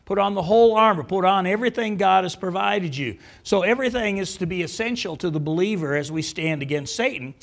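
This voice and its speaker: A middle-aged man preaching a sermon in a high, light voice. He teaches verse by verse, stopping often to restart a thought and to check in with his listeners. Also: fairly bright tone. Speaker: pastor.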